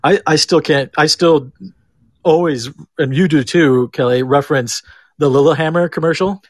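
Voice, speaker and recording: A man's voice: on the high side, normal speed, breathy edge, dry recording. A man co-hosting a podcast, chiming in with short, playful remarks during a casual chat.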